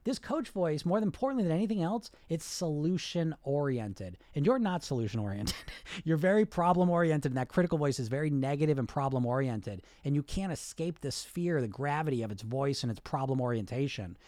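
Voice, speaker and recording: A man's voice: on the high side, lively intonation, brisk, darkish tone, no room sound. A man coaching on weight loss in a live podcast monologue, blunt and profane, acting out the inner voices he talks about.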